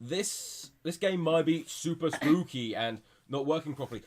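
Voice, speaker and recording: Man, very high voice, lively, excitable and giggly. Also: moderate pace. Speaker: podcast co-host. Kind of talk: casual comedic group chat.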